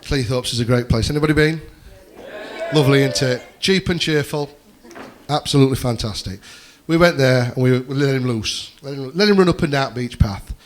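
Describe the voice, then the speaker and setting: A man's voice: medium pitch, a little fast, a little hiss or hum. A man doing a rambling stand-up set, swearing freely and chatting with the crowd from a comedy club stage.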